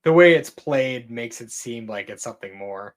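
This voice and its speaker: A man's voice: medium pitch, lively intonation, moderate pace. A man with a mid-range voice co-hosts a podcast in easygoing chat. He talks candidly, swears casually, stumbles into restarts and laughs freely. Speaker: podcast co-host.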